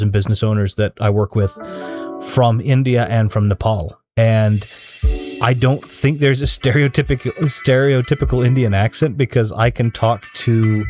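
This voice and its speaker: A man hosting a live stream in casual chat, rambling and hesitant, often restarting and correcting himself. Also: mid-range voice. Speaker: streamer host. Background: background music.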